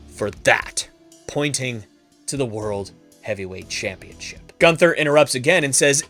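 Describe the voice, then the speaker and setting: A man hosting a podcast, narrating a made-up wrestling storyline with animated, emphatic delivery. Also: mid-range voice, normal speed, soft background music. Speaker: podcast host.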